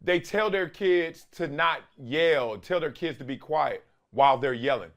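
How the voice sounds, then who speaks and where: A man hosting a sports commentary show, talking in an animated, emphatic, slangy way and stretching words for stress. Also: a little high, a little slow. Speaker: host.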